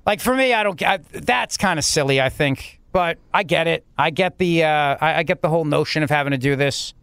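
A man's voice: fairly high pitch, fairly quick, vocal fry, a bit bright, smooth, no echo. A man hosting a radio talk show, sarcastic and incredulous, often stumbling over restarts. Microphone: studio mic.

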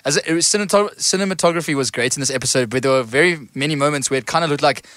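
A man in casual podcast chat, animated and jokey, laughing often and doing quick impressions. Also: fairly high pitch, no echo. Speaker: podcast co-host.

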